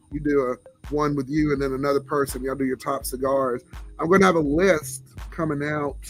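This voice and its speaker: A man with a Southern drawl hosting a casual livestream chat, laid-back and chuckling as he greets viewers. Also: a little high. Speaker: livestream host. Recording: faint background music.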